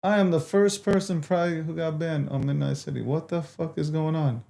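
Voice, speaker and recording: A man's voice: fairly high pitch, fairly even intonation, fairly quick, gravelly, warm tone. A man hosting a livestream, talking casually to his viewers and swearing in exasperation as he repeats himself. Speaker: livestream host.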